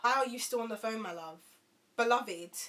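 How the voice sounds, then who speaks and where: Young woman, bright and fairly high voice, chatty storytime vlogger. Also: fast. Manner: animated, chatty, addresses viewers as guys.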